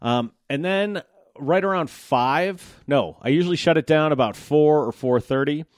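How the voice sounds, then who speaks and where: A man's voice: a little high, moderate pace, no echo, studio quality. A man in his thirties from the United States, a podcast host talking casually about his day in a loose, wry, profane way. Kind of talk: casual monologue.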